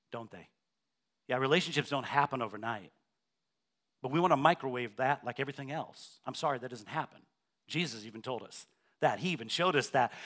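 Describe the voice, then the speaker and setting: A man preaching a sermon as pastor in a church, asking the congregation questions and building to loud, emphatic repetition. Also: medium pitch. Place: church sanctuary.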